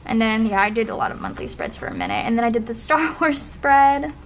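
A young woman flipping through her old planner spreads in a casual vlog, often trailing into soft, breathy gushing asides. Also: on the high side, wildly swooping pitch, a little fast. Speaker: planner vlogger. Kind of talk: casual flip-through commentary. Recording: faint background noise.

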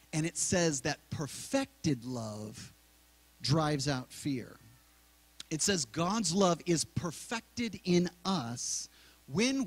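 A man's voice: on the high side, no echo, rough recording. Man preaching a conversational sermon, dry sound. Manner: conversational preaching, repeating key words slowly. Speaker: pastor. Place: church sanctuary.

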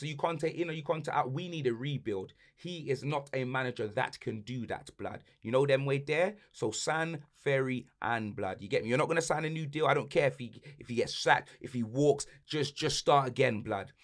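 A young man with a London accent, hosting a podcast and ranting heatedly about football, repeating slang tags and swinging between shouting and muttering. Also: medium pitch, moderate pace, hardly any pauses. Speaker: podcast host.

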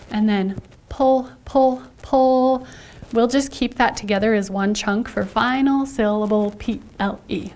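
Female first grade teacher, highish voice, animated sight word lesson. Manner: animated, drawn-out letter-by-letter spelling.

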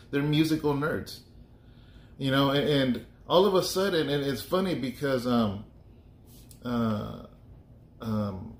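Chatty pastor man in an echoey room. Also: on the high side. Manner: chatty and joking, thinks aloud with restarts. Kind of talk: casual Bible study talk.

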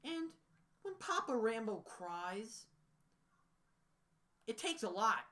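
A man's voice: very high voice, very animated, slow pace, pauses often, bright, forceful tone. A man vlogging a casual rant to the camera. He sounds upset and emotional, and he rambles with frequent restarts.

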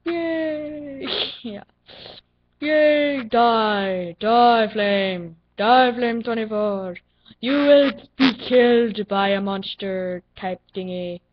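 A young female gaming channel host giving excitable, playful commentary while playing, with silly sound effects. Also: mid-range voice, drawn-out words. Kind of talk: casual gameplay commentary. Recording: dull lo-fi recording with faint noise.

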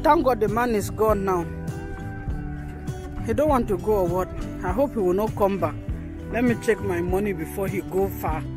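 A woman's voice: mid-range voice, moderate pace, pauses often. A woman vlogging on a handheld phone at an outdoor market, talking chattily to viewers and laughing often. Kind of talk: casual walking vlog. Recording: music playing under the voice. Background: background music.

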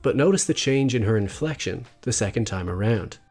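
A man narrating a scripted video essay in a measured, analytical way. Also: lowish voice, lively intonation. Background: faint background music.

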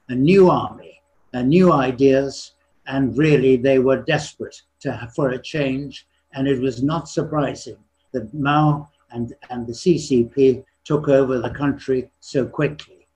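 Old guy in his 80s giving a slide talk, keeps clearing his throat, halting and restarting. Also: mid-range voice, darkish tone, poor audio. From born in China, raised partly in England. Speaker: retired surgeon giving a history talk. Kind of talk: illustrated lecture with slides.

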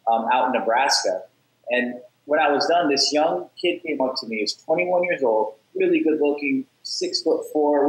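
A man with a fairly high voice tells his story on a podcast with lots of energy, acting out the other people's lines and stumbling over repeated words. The room has a noticeable echo. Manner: energetic, acts out quoted dialogue, repeats words. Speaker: podcast guest, app founder. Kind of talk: casual interview storytelling.

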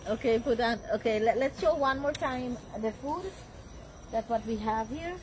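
A woman's voice: on the high side, moderate pace, a little hiss or hum, rough recording. Chatty Guyanese woman vlogging outdoors at night. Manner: chatty, affectionate, laughs often, talks while eating. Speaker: vlog host. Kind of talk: casual food vlog chat.

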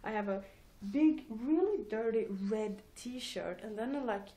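A woman's voice: on the high side, animated, a little slow, warm tone. Giggly rambling teenage girl vlogging. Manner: giggly, rambling, self-mocking. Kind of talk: rambling casual vlog. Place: at home.

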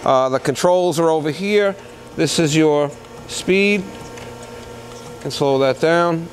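A man with a slightly raised pitch talks through an unscripted machine demo on an indoor shop floor. He is plain-spoken and halting, and fills his pauses with "uh" and "um". A faint hum sits under his voice. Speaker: used machinery dealer. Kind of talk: unscripted product demonstration.

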